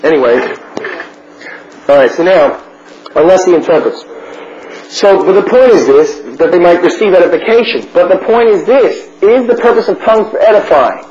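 A man's voice: high-pitched, expressive, normal speed, a little mellow. A man teaching a Bible study as a sermon, bluntly asking questions and answering them himself. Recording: muffled recording with faint noise.

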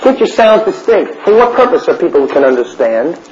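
A man's voice: on the high side, sing-song, a little fast, darkish tone. A man teaching a Bible study as a sermon, bluntly asking questions and answering them himself. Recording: muffled recording with faint noise.

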